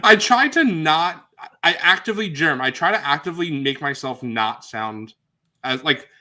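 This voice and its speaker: A man's voice: fairly high pitch, animated, moderate pace, sharp tone. A man with a New York accent co-hosting a casual livestream chat, rambling and joking. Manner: rambling, jokey. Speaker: co-host.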